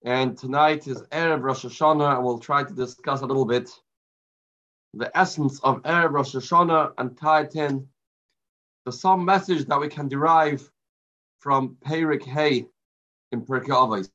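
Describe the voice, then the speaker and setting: Rabbi storytelling. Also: male voice, mid-range voice, bright, forceful tone. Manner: storytelling with dramatic pauses, Yiddish and Hebrew terms. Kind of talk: Torah class sermon. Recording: lo-fi muffled recording.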